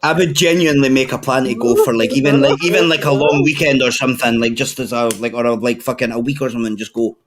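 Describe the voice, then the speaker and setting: A man's voice: mid-range voice, quick pace, hardly any pauses, over a noisy crowd. A man with a Scottish accent, telling long sweary stories in a casual chat among friends. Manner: sweary, rambling storyteller.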